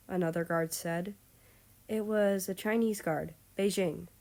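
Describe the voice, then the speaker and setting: A woman reading a fan story aloud in calm, measured narration. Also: fairly low pitch. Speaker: story reader.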